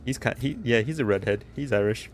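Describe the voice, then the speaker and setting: A man's voice: medium pitch, fairly quick, soft background music. Jokey man streaming a game. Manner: joking and rambling, laughing often. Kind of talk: casual gameplay commentary.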